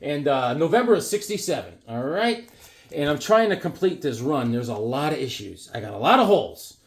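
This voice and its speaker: A man's voice: on the high side, sing-song, normal speed. A man, chatting casually about comics and rambling through stories while acting out the people he quotes. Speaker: comic collector vlogger. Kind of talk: casual chat showing comics.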